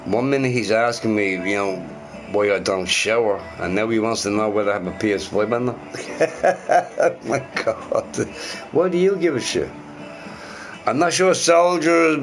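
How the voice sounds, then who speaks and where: A young man ranting loosely to his live chat, swearing and repeating himself. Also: mid-range voice. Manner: animated, sweary, repeats phrases. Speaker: live streamer answering chat.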